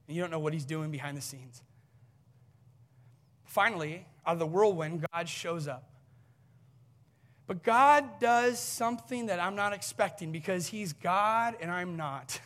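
A male pastor delivering an impassioned sermon, often rising toward near shouting. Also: sits high.

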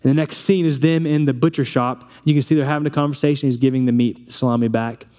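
A man's voice: mid-range voice, fairly even intonation, quick pace, dark tone. A man pastor preaching a sermon, retelling a film scene and acting out the family's lines.

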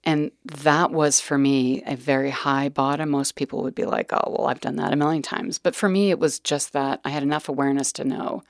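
A woman's voice: extremely low pitch, steady tone, a little fast, few pauses, no echo, studio quality. A middle-aged woman, a nurse educator, telling a personal story candidly and earnestly, dropping to whispered asides.

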